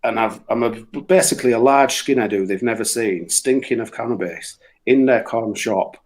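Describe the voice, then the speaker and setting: A man telling comic stories in casual, sweary chat, with animated outbursts. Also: medium pitch, normal speed, poor audio. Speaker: musician and guest storyteller.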